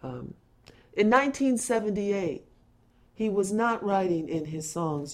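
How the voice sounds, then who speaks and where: A woman giving an impassioned spoken address, earnest and deliberate, pausing often and restarting phrases. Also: lowish voice.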